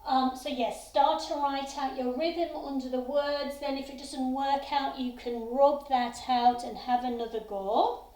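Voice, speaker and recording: A woman's voice: sits high, steady tone, measured pace, warm tone. A woman teaching a music theory lesson, giving patient step-by-step instructions. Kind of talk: classroom lesson to students. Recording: echoey room.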